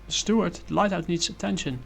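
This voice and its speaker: A man's voice: high-pitched, quick pace, vocal fry, a little hiss or hum, voice pushed up. A man voicing an anxious, brave young woman as he reads a comic aloud, calling out in a raised, strained voice. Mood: calling anxiously.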